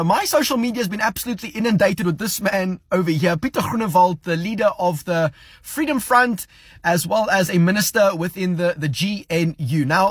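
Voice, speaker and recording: A man's voice: sits high, fairly bright tone, slightly rough, no room sound, clean studio sound. A man explaining a political topic earnestly in a commentary video.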